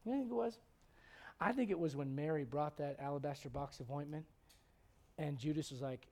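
A man's voice: fairly high pitch, fairly quick, dark tone. A middle-aged male pastor preaching a sermon with humor and many rhetorical questions.

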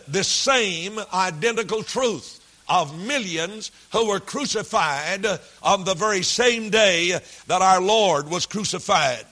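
A male preacher delivers a sermon at a slow, deliberate pace, often pausing on "uh" and repeating his points for emphasis. His voice sits high and bright, and it presses forward with a sharp edge. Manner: slow, deliberate delivery, repeating key phrases and verse references; frequent "uh" fillers between phrases.

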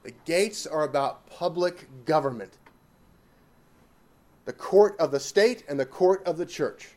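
A man's voice: fairly high pitch, animated, measured pace, a little mellow. A man teaching a catechism lesson. He talks emphatically, asks rhetorical questions and repeats his key words. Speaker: Bible teacher.

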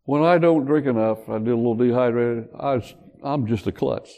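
An older man preaching a sermon, telling the story in an animated way and joking with the congregation. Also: medium pitch, normal speed, narrow, tinny audio. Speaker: pastor. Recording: long hall reverb.

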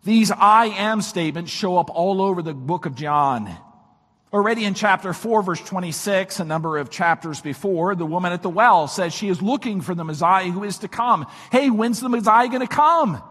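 A man preaching a sermon, his voice weak this morning, swinging from shouts to near-whispers. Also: high-pitched, moderate pace, in a large hall. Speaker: pastor.

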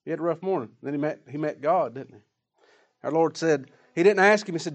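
A man preaching a sermon emphatically, swinging between loud declarations and hushed asides. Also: fairly high pitch, brisk.

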